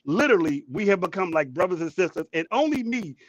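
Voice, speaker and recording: Excitable high-voiced man telling a story. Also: quick pace, background noise. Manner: excited, storytelling, repeats words. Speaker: co-host. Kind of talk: casual talk show chat. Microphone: headphones, studio mic.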